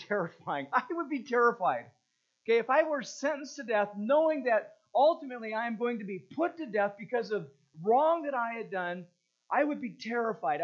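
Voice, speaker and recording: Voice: medium pitch, highs cut off. An earnest preacher teaching a catechism lesson as a sermon, repeating rhetorical questions to press the point home.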